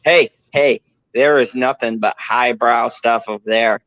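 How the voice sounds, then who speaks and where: A man co-hosting a casual stream, making slow joking asides. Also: mid-range voice, fairly even intonation, a bit bright, dry recording, rough recording. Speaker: stream co-host. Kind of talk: casual chat.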